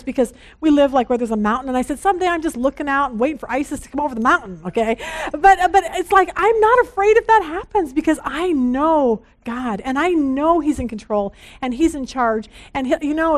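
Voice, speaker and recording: A woman leading a women's Bible study, reading scripture aloud and chatting about it in a casual, lively way. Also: high voice. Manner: chatty and animated, laughing, reading verses aloud.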